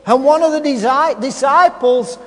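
Man, preacher, sermon, very high voice, long hall echo, repetitive, asks rhetorical questions. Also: moderate pace.

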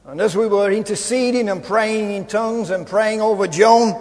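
A high-pitched man preaches with fervour, his voice swelling into shouts at the peaks. A long reverb hangs behind him, as in a large hall. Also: moderate pace. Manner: impassioned, rising to shouts. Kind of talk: sermon.

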